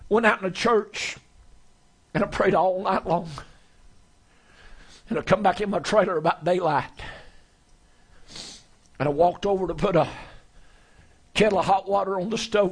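A male preacher, telling a story in a sermon in a folksy way that swells into shouting. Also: sits high, slightly rough.

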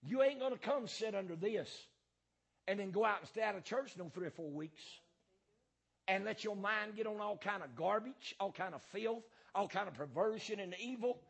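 A man preaching a fiery sermon as pastor, hammering points through repetition and filling pauses with "uh" and "um". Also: high voice, vocal fry, husky.

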